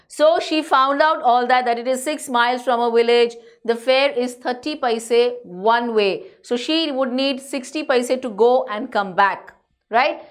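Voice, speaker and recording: A woman, teaching a school chapter in an explanatory way. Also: on the high side. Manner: explanatory, frequent "you know". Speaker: English teacher.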